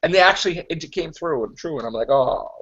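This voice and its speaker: A man co-hosting a casual podcast chat, rambling and animated as he pitches ideas and acts out quick quotes. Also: slightly rough. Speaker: podcast co-host. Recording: dull lo-fi sound.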